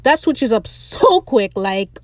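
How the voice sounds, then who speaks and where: A young woman hosting a casual, opinionated TV recap, blunt and animated and quick to laugh. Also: fairly high pitch, no echo. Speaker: podcast host recapping a TV episode.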